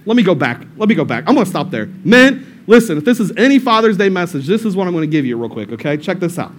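High-voiced guy pastor preaching casual, jokey, keeps repeating himself, church room. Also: fast. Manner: animated, joking, repeats phrases. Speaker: lead pastor. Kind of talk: casual, storytelling sermon.

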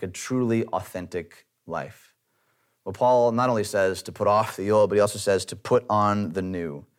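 A man preaching a sermon in a conversational way, with light self-deprecating humor. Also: mid-range voice. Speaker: pastor.

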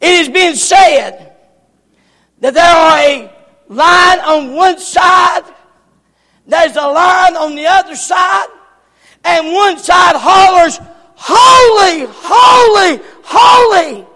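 A man preaching a sermon, often shouting and repeating words for emphasis. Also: very high-pitched, slow, pauses often, some chatter behind. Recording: long hall reverb.

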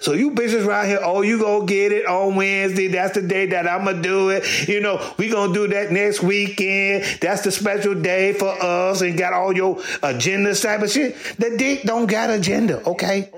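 Sassy high-pitched man ranting. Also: moderate pace, hardly any pauses. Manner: loud, sassy, swings high and low, shouting bursts. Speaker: comedian. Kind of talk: crude comedic rant.

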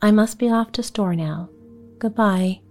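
A woman's voice: mid-range voice, measured pace, a little mellow, faint music behind, close to an everyday voice. A woman voicing a kind, earnest poor boy who talks cheerily and reassuringly, in a bedtime story.

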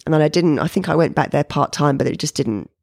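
Low, creaky New woman. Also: quick pace, dry recording, clean studio sound. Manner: animated, jumps high when quoting people. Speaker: painter being interviewed. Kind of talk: casual storytelling interview.

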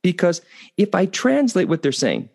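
Middle-aged guy chatting, lively ups and downs, storytelling vibe. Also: high-pitched, moderate pace, creaky. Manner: animated, conversational, tags points with "okay?". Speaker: host. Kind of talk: storytelling talk.

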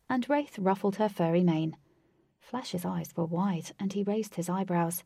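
A woman narrating a storybook in a steady, descriptive reading. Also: fairly low pitch, measured pace, gravelly, slightly rough, no echo, studio quality.

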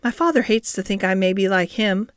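A woman's voice: medium pitch, expressive, a little fast, clean tone, no echo, clean studio sound, lightly acted. A woman voicing a sickly, fretful young boy in an audiobook, anxious and petulant.

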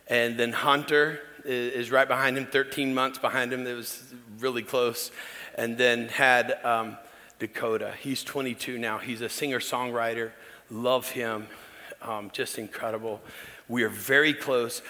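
A middle-aged male pastor telling a personal story in a sermon, emphatic with hushed asides. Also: medium pitch. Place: large church. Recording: long reverb in a large church hall.

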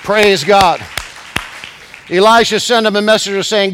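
A man preaching a sermon as bishop, acting out scripture quotes and swinging between shouted climaxes and soft asides. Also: high voice, unhurried, a faint crowd. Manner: acts out scripture quotes in raised voice. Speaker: pastor.

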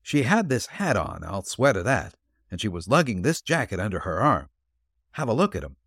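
A gruff middle-aged countryman, as a male narrator plays him, talking in a plain, folksy way. His voice rises and falls a lot. The recording is dry and close. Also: lowish voice, sing-song, moderate pace, fairly bright tone, no room sound, heavily acted.

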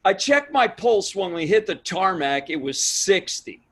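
A man's voice: high voice, sing-song, a little slow. A man, a pastor and author speaking as an interview guest in an emphatic, sermon-like storytelling manner. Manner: emphatic, storytelling, builds to shouts when retelling. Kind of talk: conversational interview, preaching tone.

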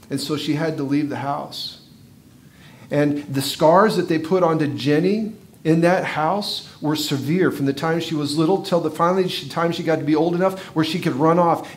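Man preaching a vivid storytelling sermon. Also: fairly high pitch. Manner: vivid storytelling that swings from hushed to loud and intense. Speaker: pastor.

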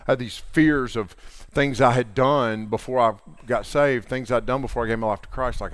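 A man's voice: medium pitch, fairly even intonation, moderate pace, fairly bright tone, no room sound. A middle-aged man preaching a sermon in a casual, earnest way, retelling scripture in everyday talk. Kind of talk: conversational sermon.

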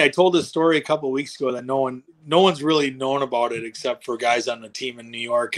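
This podcast guest has a medium-pitched, fairly bright male voice. He tells a long, rambling story in a casual way, acting out other people's lines, restarting often and swearing plenty.

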